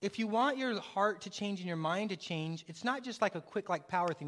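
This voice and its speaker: A pastor preaching a sermon, with emphatic repeated phrases and a delivery that swells and drops. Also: male voice, high voice, animated, a little fast, a bit bright. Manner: preaching with rising and falling intensity, repetitive emphatic phrasing.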